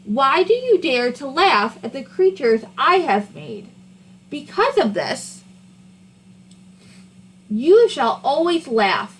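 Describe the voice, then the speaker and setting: A woman's voice: high-pitched, a little hiss or hum, full character voice, low-quality recording. A woman voicing God, furious and stern. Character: furious booming God scolding a donkey.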